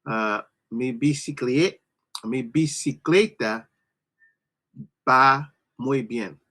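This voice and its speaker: Man learning spanish, slow and unsure, bright sharp voice. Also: mid-range voice. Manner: hesitant, careful repetition. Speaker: student. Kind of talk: practicing pronunciation in a lesson.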